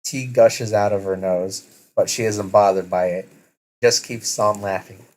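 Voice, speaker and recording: A man's voice: on the low side, fairly even intonation, unhurried, darkish tone, low-quality recording. A man casually reading a second-person story aloud, often correcting himself. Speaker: story reader.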